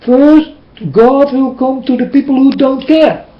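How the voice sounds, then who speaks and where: A man's voice: very high-pitched, steady tone, measured pace. A man delivering a preachy, scolding monologue to his listeners, with emphatic, plain and slightly non-standard phrasing. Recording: roomy, dull lo-fi recording.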